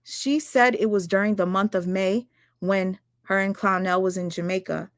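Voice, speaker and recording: A woman's voice: mid-range voice, steady tone, no room sound, clean studio sound. Fiery woman ranting on a livestream. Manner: rapid, emphatic, swears a lot, fires rhetorical questions at viewers. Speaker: livestream commentator. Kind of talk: heated livestream rant.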